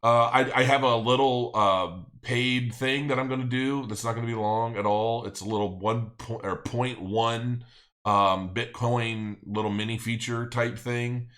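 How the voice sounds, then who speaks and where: A man's voice: medium pitch, fairly even intonation, unhurried, fairly bright tone. A middle-aged man hosting a casual livestream, rambling and thinking aloud as he reads viewer comments. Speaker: crypto channel host.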